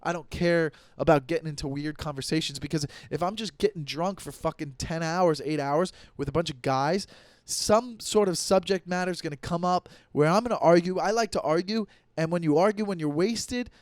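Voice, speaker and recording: A man's voice: a little high, normal speed, dry recording, studio quality. A man in his thirties, a comedian hosting his own podcast, telling stories in a rambling, profane casual monologue full of restarts. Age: 30s.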